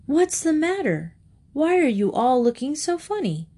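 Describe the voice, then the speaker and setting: High whiny little boy, dramatic, dawdling, as a woman puts him on. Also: big pitch swings, measured pace, mellow. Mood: protesting. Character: small imaginative dawdling boy.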